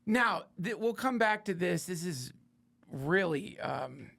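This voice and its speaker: A man's voice: high-pitched, animated, slow pace, creaky, a bit bright. A man hosting a podcast, riffing in a sardonic, profane, rambling comedic monologue. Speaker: podcast host.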